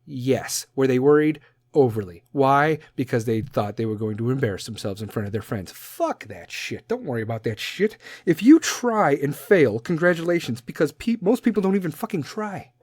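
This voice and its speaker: Man in his thirties, podcast host, crude rambling jokes, bursts of loud talk and mumbled asides, dry sound. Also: very animated, normal speed, breathy edge, no room sound. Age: 30s. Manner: profane, rambling, laughs at his own jokes; swings between loud outbursts and low asides. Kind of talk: casual comedic monologue.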